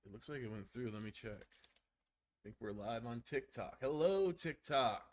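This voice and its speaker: A man with a gravelly voice and a strained throat, casually talking through a game stream. He chats freely, swears often and laughs a lot. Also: fairly low pitch, steady tone, normal speed. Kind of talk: casual gameplay commentary.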